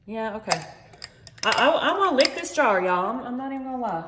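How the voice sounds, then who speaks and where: Woman, high bright voice, casual self-deprecating cooking host, roomy kitchen sound with pans in the background. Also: lively intonation, brisk, background noise. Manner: chatty, self-joking, keeps saying "y'all". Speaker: home cooking channel host. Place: home kitchen.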